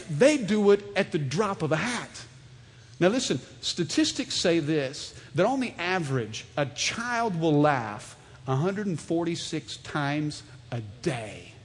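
A man in his thirties preaching a sermon, animated and storytelling, calling on the congregation to answer. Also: sits high, slight background noise. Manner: animated, storytelling, calls for audience response. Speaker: pastor. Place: church sanctuary. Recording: long hall reverb.

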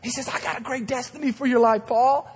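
A man's voice: very high-pitched, steady tone, fairly quick, husky. A man in his thirties preaching a sermon as a guest pastor, telling stories dramatically with acted-out voices. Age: 30s. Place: large church sanctuary. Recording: long hall reverb.

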